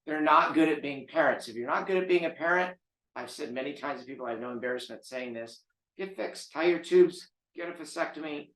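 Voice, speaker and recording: A man's voice: fairly high pitch, brisk, a bit bright. A man who trains dogs, talking bluntly and emphatically as he lectures viewers. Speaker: dog trainer. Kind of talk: casual talk to camera. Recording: roomy echo.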